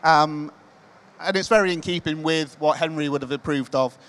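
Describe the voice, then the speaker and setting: A man addresses a live crowd from a stage, his voice a little higher than most men's. He speaks in a measured way, dropping hints to build suspense before naming the winner. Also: fairly bright tone. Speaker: magazine editor presenting award. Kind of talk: on-stage speech. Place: large exhibition hall stage.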